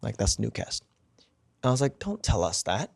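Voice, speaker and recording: A man's voice: lowish voice, a little fast, vocal fry, slightly rough, dry recording, clean studio sound. A man as a podcast guest, telling a story casually and with energy, swearing freely and acting out what people said. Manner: animated, swears casually, acts out quotes.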